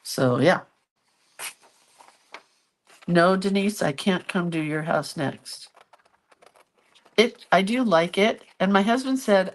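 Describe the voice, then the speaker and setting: Speaking slowly with frequent pauses, a middle-aged woman in a lowish voice chats casually to viewers as she crafts. She's a craft vlogger, talkative and self-deprecating.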